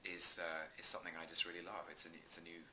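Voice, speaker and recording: A man's voice: low-pitched, level tone, fast talker, pushed and bright, a little hiss or hum. A man in his thirties, an actor being interviewed, talking earnestly and effusively with many restarts. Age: 30s. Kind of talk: casual interview chat.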